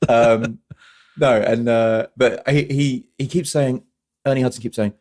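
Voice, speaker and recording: A man's voice: mid-range voice, normal speed, a little mellow. A man hosting a casual film review podcast, chatty and full of trivia, quoting lines in put-on voices. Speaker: podcast host.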